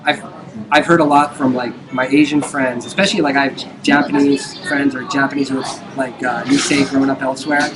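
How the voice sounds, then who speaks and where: Over background noise, a live-stream guest chats casually in a brisk, mid-range voice. He tells his stories with energy and voices the quoted lines of the people in them.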